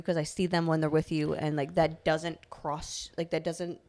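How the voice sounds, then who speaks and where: A young woman with a slightly low voice co-hosts a casual podcast. She tells her stories in an animated, rambling way, scattering fillers and laughs as she goes. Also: moderate pace. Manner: animated storytelling with many likes and laughs. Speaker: podcast co-host. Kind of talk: casual chat.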